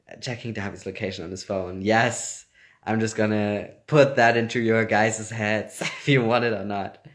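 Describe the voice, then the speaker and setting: A young man, and his speaking voice sits a little low. He chats loosely on a phone livestream, reading out fan comments and breaking into laughter often. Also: a bit bright. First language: German. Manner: laughs often, reads comments aloud, playful. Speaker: actor answering fan questions. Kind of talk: casual livestream chat.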